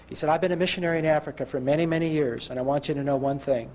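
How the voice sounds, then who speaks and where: A man preaching a sermon, telling a story and acting out the voices of the people in it, slowing down for emphasis. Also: fairly high pitch. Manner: animated, acts out quoted voices.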